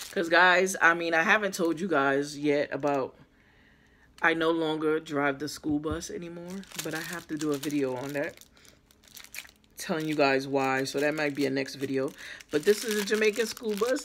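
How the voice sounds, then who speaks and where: A woman's voice: deep voice, slight background noise. A woman who is losing her voice, chatting casually with her viewers in an unboxing vlog, filmed on a camera on a small tripod. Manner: chatty, addresses viewers as guys. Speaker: vlogger.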